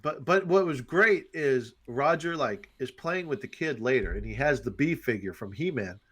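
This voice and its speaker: A man co-hosting a casual movie review podcast, crudely joking and retelling scenes with quick impressions. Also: medium pitch, expressive, fairly bright tone, husky. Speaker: podcast co-host.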